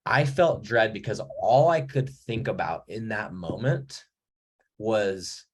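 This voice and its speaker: A man's voice: fairly low pitch, takes it slowly, slightly rough. A man in his thirties giving a blunt, profane motivational talk to his viewers, telling a story with rising emphasis. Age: 30s. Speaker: mentor. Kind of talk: casual motivational talk to camera.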